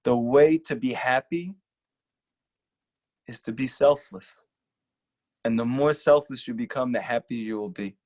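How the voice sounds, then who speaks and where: A rabbi giving an earnest, emphatic lecture and repeating short lines for stress. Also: male voice, medium pitch, a little mellow. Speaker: rabbi teaching a class. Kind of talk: earnest sermon-style lecture.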